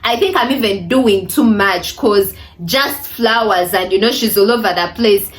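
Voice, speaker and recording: A woman's voice: medium pitch, normal speed, lightly acted, low-quality recording. A woman voicing a young man who muses skeptically about his overexcited date.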